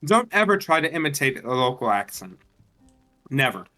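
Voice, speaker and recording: A man in casual game-stream chat who argues his points carefully and at length. Soft music plays faintly behind him. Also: medium pitch, big pitch swings, normal speed. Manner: argumentative, lecturing, careful. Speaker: streamer co-host. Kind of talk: casual chat while gaming.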